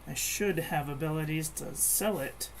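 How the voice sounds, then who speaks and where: A woman's voice: deep voice, normal speed, slight background noise. A woman chatting casually while she crafts at home, rambling and meandering, with frequent restarts. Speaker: crafting vlogger.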